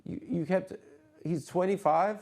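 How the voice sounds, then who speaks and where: A man hosts a casual comedy podcast, his voice sitting a little high but soft and mellow in tone. He riffs in excitable, rambling bursts, cursing freely as he goes. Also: measured pace. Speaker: host.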